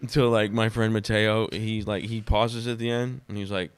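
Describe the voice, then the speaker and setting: A man who is a podcast guest, telling personal stories in a dramatic, animated way during casual conversation. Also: lowish voice, moderate pace, clear, resonant tone, dry recording.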